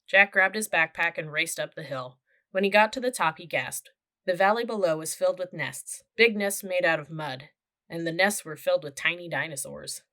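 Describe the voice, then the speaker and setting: A woman reading a children's chapter book aloud. Her voice sits a little low, with a bright, forward tone, and she tells the story in a steady, clear way. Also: normal speed. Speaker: audiobook narrator. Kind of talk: children's audiobook narration.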